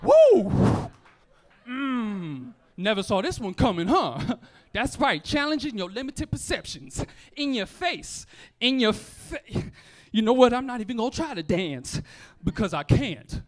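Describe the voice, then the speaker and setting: A young man works a comedy club crowd with a high, bright voice that swoops up and down. He talks playfully and keeps breaking into character voices. The sound is a handheld stage mic. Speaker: stand-up comedian. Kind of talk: stand-up comedy set. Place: comedy club stage before a laughing audience.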